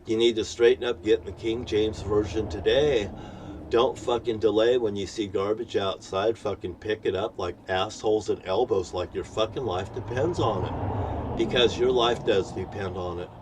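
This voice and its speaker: A man's voice: fairly low pitch, steady tone, normal speed, recorded from a distance, slight background noise. A man ranting to camera in an angry, profane, rambling preaching manner. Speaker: vlogger.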